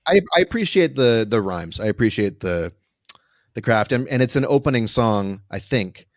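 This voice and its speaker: A man's voice: medium pitch, lively intonation, normal speed, dry recording, clean studio sound. A man co-hosting a podcast in casual conversation, rambling and restarting his sentences, laughing often. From United States. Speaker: podcast co-host.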